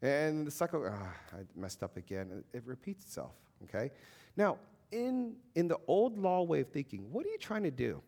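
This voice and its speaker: A man in his thirties, a Christian parent, giving an informal faith talk in a conversational, animated way, with many fillers and acted-out quotes. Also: fairly high pitch, moderate pace, gravelly.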